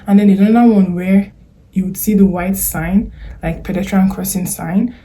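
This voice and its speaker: A woman's voice: mid-range voice, fairly even intonation, moderate pace, mellow. A young Nigerian woman with a Nigerian accent, giving chatty, earnest advice in a casual vlog, full of fillers and slang. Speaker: vlogger.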